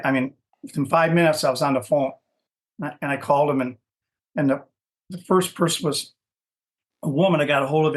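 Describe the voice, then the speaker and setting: Rambling middle-aged man, fairly high voice. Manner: rambling, many restarts and "you know" fillers. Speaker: dog breeder, podcast guest. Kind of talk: casual interview storytelling.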